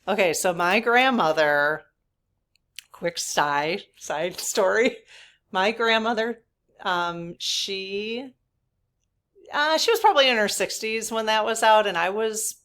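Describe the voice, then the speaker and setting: A woman's voice: mid-range voice, slow, a bit bright. A woman in her fifties, a spiritual reader chatting casually to her viewers, rambling with asides and laughing often.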